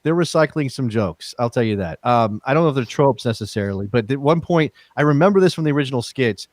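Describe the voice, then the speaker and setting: A man's voice: mid-range voice, animated, fast, dry recording. A man co-hosting a podcast, chatting casually with teasing, joking banter. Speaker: podcast co-host. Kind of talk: casual chat.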